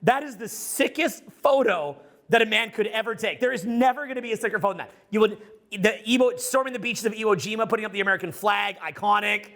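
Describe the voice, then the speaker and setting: Loud and excitable, this middle-aged man rambles through a casual, profanity-laced talk as a social skills coach before a live crowd. His voice is high-pitched and his pace quick.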